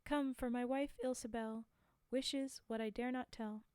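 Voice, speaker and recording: A woman's voice: on the high side, fairly even intonation, a little slow, a little mellow, smooth, no echo, natural voice. A woman voicing a timid poor old fisherman in a storybook reading, in her plain voice. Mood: pleading.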